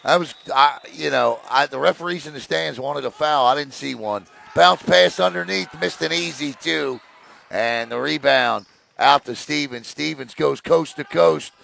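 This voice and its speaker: A man calling a high school basketball game play by play, excitable on big plays and joking between them. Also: normal speed, vocal fry, slight background noise. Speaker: play-by-play announcer. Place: gym broadcast position.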